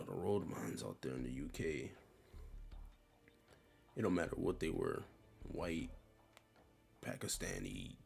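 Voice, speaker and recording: Low gravelly young man, slangy and offhand. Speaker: commentator ranking a tier list. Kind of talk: casual commentary.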